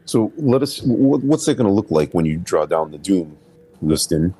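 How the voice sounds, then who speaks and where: A man narrating a tabletop game as game master, calm and unhurried. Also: low voice, husky.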